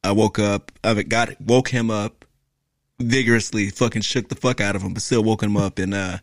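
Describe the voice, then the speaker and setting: Low-voiced, profane joking man. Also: fairly even intonation, normal speed, no echo, studio quality. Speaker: military veteran guest. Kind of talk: casual podcast banter.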